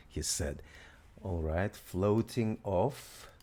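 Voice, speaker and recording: A man hosting a casual software demo, excited and thinking aloud as he tries things out. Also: lowish voice, slow. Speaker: host.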